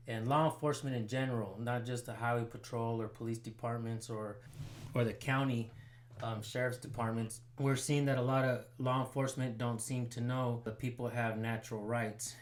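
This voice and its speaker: A man's voice: mid-range voice, level tone, moderate pace. A man hosting a citizen journalism channel, commenting casually and pressing a sheriff's station by phone. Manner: casual, rambling, filler-heavy.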